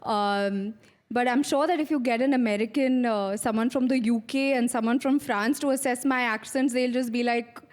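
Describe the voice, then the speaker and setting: A woman's voice: a little high, moderate pace, darkish tone. Chatty Indian woman on stage. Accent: Indian English. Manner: chatty, with many fillers. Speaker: actress and guest. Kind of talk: live on-stage interview. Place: stage before a live audience.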